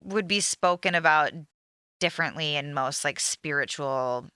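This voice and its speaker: A woman's voice: sits low, measured pace, bright, forceful tone, clean tone, no echo, clean studio sound. A woman co-hosting a podcast, recapping a reality show in casual chat. She talks bluntly and sarcastically and swears freely. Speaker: podcast co-host.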